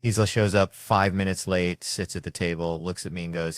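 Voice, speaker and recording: A middle-aged man doing stand-up, telling family stories with deadpan delivery and profane punchlines. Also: sits low, normal speed, no room sound, studio quality. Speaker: stand-up comedian. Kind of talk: stand-up storytelling.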